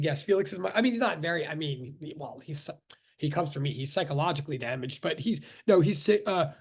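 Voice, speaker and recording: Middle-aged male physics teacher from Brooklyn, high husky voice, rambling sarcastic asides, video call audio. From Brooklyn, New York. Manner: rambling, joking, self-interrupting, sarcastic. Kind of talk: casual class introduction on a video call.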